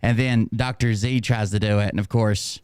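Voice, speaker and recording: A man's voice: lowish voice, steady tone, normal speed, a little mellow, clean tone, dry recording, clean studio sound. A man hosting a casual livestream, rambling and self-mocking, laughing often. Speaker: streamer host.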